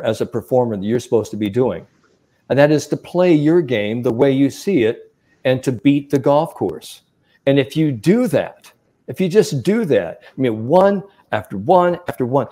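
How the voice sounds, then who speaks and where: Guy coaching the mental game, mellow dark voice, acts out quotes as he tells stories. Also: mid-range voice. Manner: animated storyteller, acts out quotes. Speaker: sports psychologist guest. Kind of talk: coaching advice in podcast chat.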